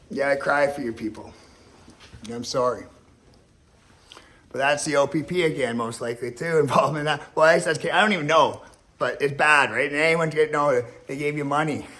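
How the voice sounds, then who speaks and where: A man's voice: mid-range voice, a bit bright. A man talking alone to camera in a rambling, emotional rant, swearing often and repeating himself. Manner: rambling, profane, emotional and repetitive. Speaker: vlogger. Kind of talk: ranting monologue to camera.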